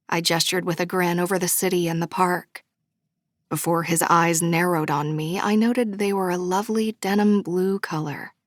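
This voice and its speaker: A woman's voice: lowish voice, moderate pace, no room sound, clean studio sound. Bubbly woman reading a romance. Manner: bubbly and expressive. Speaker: audiobook narrator. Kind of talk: first-person romance narration. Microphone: studio microphone.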